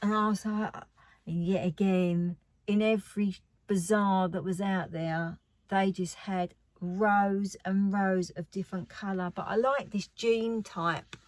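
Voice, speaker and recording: A woman's voice: mid-range voice, fairly even intonation, a little slow, darkish tone, no echo. A woman chatting casually about her craft haul. She rambles and often drops to a near whisper. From United Kingdom. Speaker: craft vlogger.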